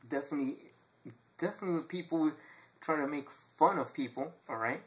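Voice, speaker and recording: A man telling his own jokes in a rambling, halting way, often repeating words and restarting. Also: medium pitch, vocal fry, a bit bright. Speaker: amateur joke teller. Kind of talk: rambling self-made joke telling.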